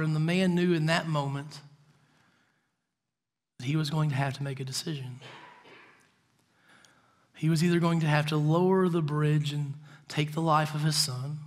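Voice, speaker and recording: A man preaching a sermon as pastor, telling a story earnestly and often dropping to soft, intense tones. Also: fairly high pitch. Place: church.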